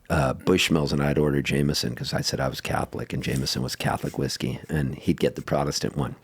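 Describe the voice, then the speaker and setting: A middle-aged man from San Diego, a guest musician telling road stories in a casual interview, animated and quick to laugh. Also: a bass voice. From San Diego, California.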